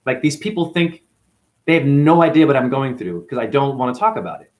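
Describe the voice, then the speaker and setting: A man's voice: mid-range voice, big pitch swings, a little fast. Emotional man telling a grievance story. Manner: emotional, recounting grievances with acted quotes. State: chronic hip pain. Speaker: janitor. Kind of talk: personal vlog storytelling.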